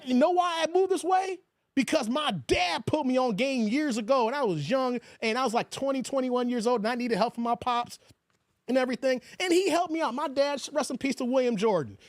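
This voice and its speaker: A man hosting a casual live stream, talking in an animated, joking way and mimicking other voices. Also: very high voice, a little fast, no room sound, clean studio sound. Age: 40s. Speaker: YouTube commentary host.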